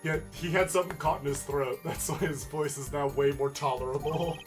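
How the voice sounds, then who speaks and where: A man's voice: on the high side, fairly quick. A man streaming a story game, joking and swearing as he reads the dialogue aloud over game music. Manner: joking, profane, reads lines with lively swings. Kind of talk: let's play with read-out character lines.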